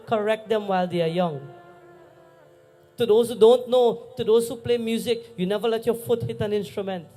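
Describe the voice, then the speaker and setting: High-voiced Trinidadian pundit preaching. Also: male voice, normal speed, dark tone, soft background music. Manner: storytelling preacher, rhetorical questions to the crowd. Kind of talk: Hindu religious discourse. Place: private home, religious gathering.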